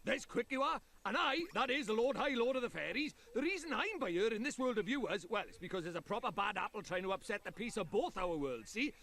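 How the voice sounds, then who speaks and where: A man's voice: high voice, animated, a little fast, few pauses, sharp tone, slight background noise, exaggerated voice. An actor playing a boastful, chatty male fairy lord with a Welsh accent in a video game. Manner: sing-song, brash, rambling.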